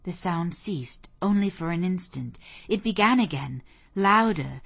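Woman narrating a classic novel, measured. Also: fairly low pitch, vocal fry, breathy edge. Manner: measured, expressive storytelling. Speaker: audiobook narrator.

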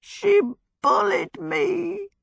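A woman's voice: medium pitch, drawn-out words, pushed and bright, no room sound, full character voice. A woman voicing a sulky male fire demon who sounds muffled and piteous.

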